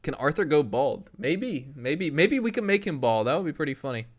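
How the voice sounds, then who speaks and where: A man's voice: a little high, big pitch swings, normal speed. A young man streaming live, chatting casually with his viewers, reading their messages aloud and laughing often. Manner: loose, laughing, reads chat aloud and tries impressions.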